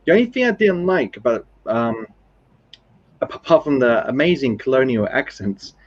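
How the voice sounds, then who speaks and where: A man's voice: mid-range voice, expressive, moderate pace, husky, muffled recording. A man chatting casually in a film discussion live stream, rambling and explaining his points through examples.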